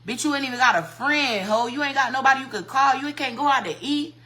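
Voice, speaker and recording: A woman's voice: high-pitched, fast, sharp tone, rough recording. Heated, profane woman ranting live. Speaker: hairstylist on a livestream. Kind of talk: livestream rant.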